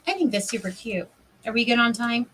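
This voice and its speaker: A woman, hosting a craft livestream and telling stories in an animated way, laughing often. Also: a little high, a little fast, slightly rough, far from the mic, low-quality recording. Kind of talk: casual chat while crafting.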